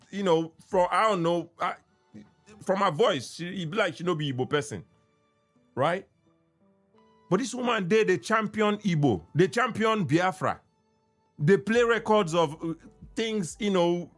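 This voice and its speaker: Nigerian guy on his podcast going off, high voice, says stuff twice, bit of music low behind. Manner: ranting, repeats phrases, mixes in Pidgin. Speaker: podcast host. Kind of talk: impassioned solo commentary.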